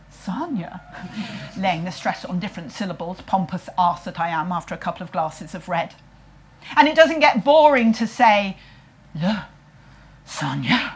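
A woman with a husky voice, telling a comic story in a wry, self-mocking way and putting on playful voices for quotes. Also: medium pitch, fairly bright tone.

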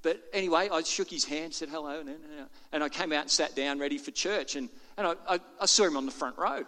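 A man's voice: fairly high pitch, fast, pushed and bright, long reverb tail. An older man preaching a sermon to his congregation in a chatty, self-deprecating way. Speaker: pastor. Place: church auditorium.

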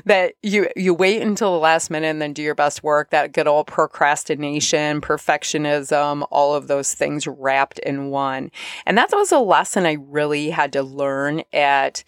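A middle-aged woman coach talking casually about spiritual self-help, chatty and animated when she acts out her inner dialogue. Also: low-pitched, clear, resonant tone, no room sound, studio quality. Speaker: podcast host and coach.

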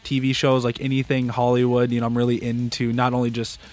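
A man's voice: mid-range voice, completely flat delivery, fast, a little mellow, soft background music. A man co-hosting a podcast in easygoing casual chat, talking freely and laughing now and then. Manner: easygoing, chatty, laughs often. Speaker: podcast co-host.

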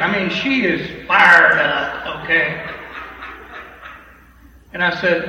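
A man giving an animated, emphatic testimony to a church congregation, repeating phrases for effect, heard from a distance in a large hall. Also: on the high side, measured pace, vocal fry, pauses often. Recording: echoey hall from far off, dull and noisy.

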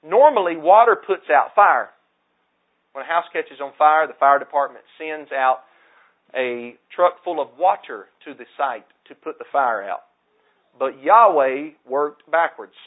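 A man's voice: on the high side, animated, unhurried. Emphatic male preacher, tinny sound. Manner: emphatic, with dramatic swings of loudness. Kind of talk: sermon.

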